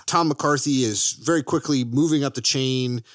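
A man's voice: mid-range voice, normal speed, no echo, studio quality. Enthusiastic man chatting about films. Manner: enthusiastic, swearing, joking. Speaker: podcast co-host. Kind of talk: casual film chat.

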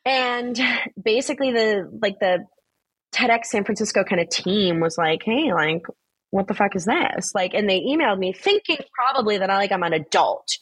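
A young woman guest telling stories in a casual podcast chat, blunt and animated, swearing freely and saying "like" constantly. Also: medium pitch, normal speed, husky, no room sound. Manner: chatty, swears freely, fills talk with "like". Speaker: guest, social media influencer.

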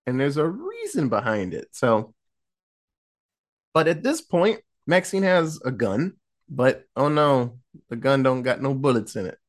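A man's voice: medium pitch, unhurried. A man casually recapping a horror film in a podcast chat, acting out the characters' lines with laughs and profanity. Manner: animated storytelling, acting out quotes, laughing, profane.

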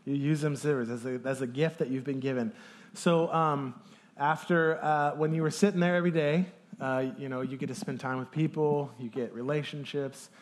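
A man's voice: medium pitch, fairly even intonation, normal speed. A man preaching a sermon as pastor, talking in a casual, conversational way with fillers.

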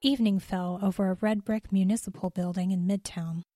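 A woman telling a story in calm, measured scripted narration. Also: medium pitch, dry recording, studio quality, soft background music.

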